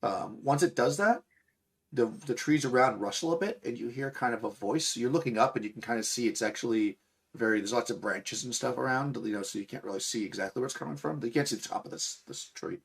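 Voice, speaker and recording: A man's voice: mid-range voice, quick pace, creaky, husky. A man narrating as game master for a tabletop game, rambling with fillers and restarts.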